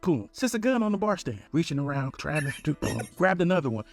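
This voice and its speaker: A man's voice: a little high, sing-song, fast, faint music behind. A young adult man telling a comic story time, acting out the other people's lines in raised voices.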